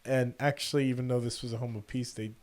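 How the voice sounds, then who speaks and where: Middle-aged male podcast host; lively storyteller who voices the characters himself. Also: mid-range voice, quick pace. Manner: animated, quotes people in the story. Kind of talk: casual storytelling.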